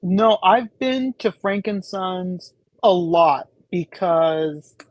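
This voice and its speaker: A man's voice: high-pitched, expressive, drawn-out words, no room sound. Rambling man telling stories, dry sound. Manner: rambling storyteller, many fillers and restarts. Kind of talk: casual chat.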